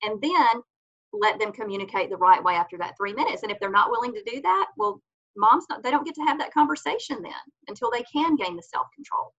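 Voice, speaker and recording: A woman guest on a faith-based parenting podcast, explaining earnestly and acting out the gentle words she says to her children. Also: fairly high pitch, lively intonation, a little fast, muffled recording. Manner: earnest, explanatory, acts out mother-child dialogues.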